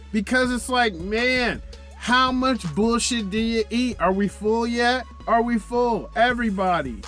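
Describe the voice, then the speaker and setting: A man's voice: high-pitched, normal speed, a bit bright, faint music behind. A man hosting a reaction video, talking in a casual, profane, exasperated way with plenty of slang.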